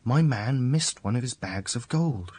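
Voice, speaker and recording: A man's voice: mid-range voice, animated, unhurried, darkish tone. A man voicing the ogre's big, tall, nervous wife in a read-aloud fairy tale. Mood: anxious.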